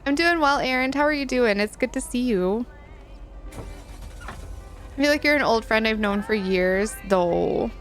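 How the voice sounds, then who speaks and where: A woman's voice: a little high, animated, measured pace, pauses often, soft background music. A woman live-streaming a video game in casual chat, reading and answering her viewers and giggling often.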